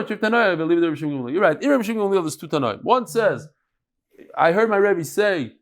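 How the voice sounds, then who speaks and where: A man teaching a Talmud class in a lively, chatty lecturing style, mixing in Hebrew and Yiddish terms. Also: fairly high pitch.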